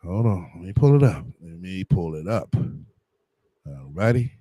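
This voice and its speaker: A man's voice: low voice, expressive, normal speed, warm tone, husky, no echo. A man giving blunt, profane livestream commentary, heavy on slang and fillers. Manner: blunt, combative, heavy on slang and "you know what I'm saying".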